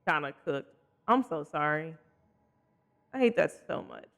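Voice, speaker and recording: A game streamer casually chatting with live viewers while playing, expressive and apologetic, swinging between loud exclamations and soft mutters. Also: mid-range voice, unhurried, vocal fry. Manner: chatty and sympathetic, reacting to chat with frequent apologies.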